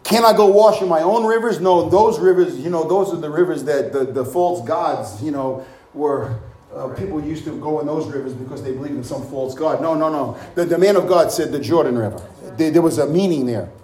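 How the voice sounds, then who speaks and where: A man's voice: fairly high pitch, fairly quick, mellow, echoey room, rough recording. A man preaching a sermon with bursts of exclamations and rhetorical questions.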